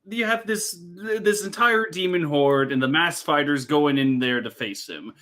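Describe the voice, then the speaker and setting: A man co-hosting a casual review podcast, halting with restarts and laughing often. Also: on the high side, pushed and bright. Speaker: podcast co-host.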